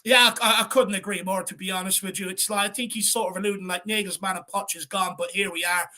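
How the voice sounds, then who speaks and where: An Irish man co-hosting a fan channel, chatting casually on a live stream and reading out viewer comments with shout-outs. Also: high voice, fairly even intonation, quick pace. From Ireland.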